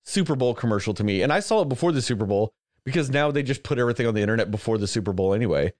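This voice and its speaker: A man's voice: medium pitch, expressive, racing, a little mellow, dry recording, clean studio sound. Profane, rambling man chatting casually. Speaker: podcast host. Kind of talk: casual chat.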